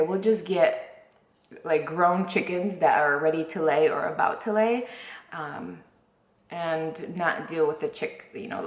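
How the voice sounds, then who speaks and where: A woman's voice: lowish voice, roomy sound. A woman vlogger chatting casually to camera, rambling with lots of fillers and restarts.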